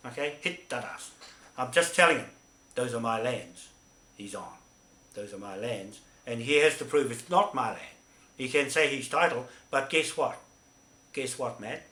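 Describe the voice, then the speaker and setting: NZ-man, forceful and emphatic, repetitive rambling monologue, echoey room. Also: medium pitch, measured pace. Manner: emphatic, repetitive, with frequent "right?" tags. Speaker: activist speaking to camera.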